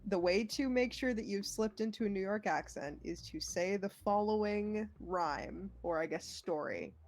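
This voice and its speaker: A woman streamer hosting a relaxed casual chat with a friend while playing a game, telling stories in a dry, easygoing way. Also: medium pitch, moderate pace. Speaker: streamer host.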